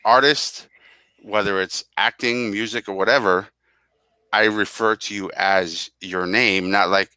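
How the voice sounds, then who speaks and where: A man's voice: lowish voice, steady tone, a little slow, pushed and bright, smooth, dry recording. A middle-aged man co-hosting a casual music podcast, talking earnestly and drifting into tangents. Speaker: podcast co-host.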